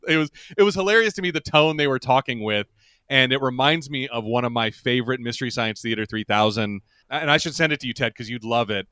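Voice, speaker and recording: Fast and pushed, his mid-range voice sounds bright and smooth in a dry, studio-quality recording. This man co-hosts a podcast, rambling casually through a TV episode recap, frequently laughing and performing the lines he quotes.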